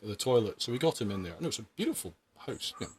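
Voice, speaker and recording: A British man hosting a podcast, chatting casually and telling work stories in a relaxed, wry way. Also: lowish voice, rapid-fire, a little hiss or hum. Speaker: podcast host. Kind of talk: casual storytelling chat.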